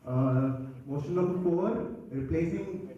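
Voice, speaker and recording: Slow hoarse young man chairing votes. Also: a little high, mellow, highs cut off. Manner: hesitant, joking asides. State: hoarse throat. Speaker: assembly chair. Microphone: far from the mic. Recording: echoey hall, voice far off, faint noise.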